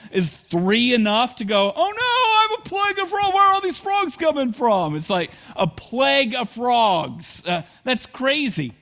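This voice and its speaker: A man preaching a sermon as pastor, telling the story with playful asides and quick acted lines. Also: high-pitched, a bit bright.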